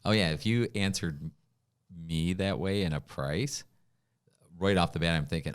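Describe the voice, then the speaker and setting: A man's voice: sits low, normal speed, smooth. A man hosting a casual interview, chatty and agreeable, reacting readily to his guest. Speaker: host of a real estate talk show.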